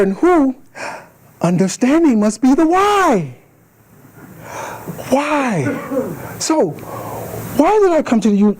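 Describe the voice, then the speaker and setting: High-voiced animated male speaker. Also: poor audio. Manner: animated, acts out voices in his stories. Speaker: guest speaker. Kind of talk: storytelling speech. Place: meeting hall.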